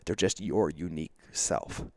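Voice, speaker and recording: With no room sound around him, a man speaks in a low voice at a moderate pace. He's a podcast guest sharing frank, emphatic, confessional stories, filled with "like" and acted-out dialogue.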